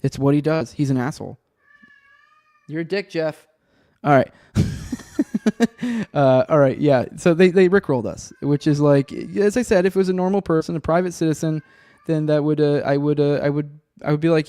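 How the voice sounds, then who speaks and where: A man's voice: on the high side, brisk, dark tone, dry recording. Profane, rambling man hosting a podcast. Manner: rambling, profane, sardonic, many restarts. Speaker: podcast host. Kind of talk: casual solo commentary with chat. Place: home room with a cat and a desk.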